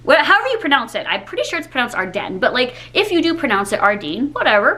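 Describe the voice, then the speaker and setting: Bubbly high-voiced young woman ranting. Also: brisk, few pauses. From Canada. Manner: chatty, animated, laughs often, lots of "like". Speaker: vlogger. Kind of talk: casual ranting chat to camera.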